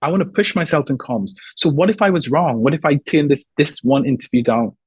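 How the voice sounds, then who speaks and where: Husky-voiced man telling work stories. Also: on the high side, brisk, dry recording. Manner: animated storyteller acting out quoted people. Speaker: podcast guest. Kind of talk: casual interview chat.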